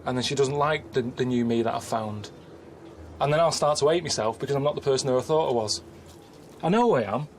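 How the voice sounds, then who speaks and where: A man giving grumbling, deadpan travel commentary outdoors, moaning and complaining as he goes. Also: medium pitch, brisk, a little hiss or hum, low-quality recording. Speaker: traveling presenter.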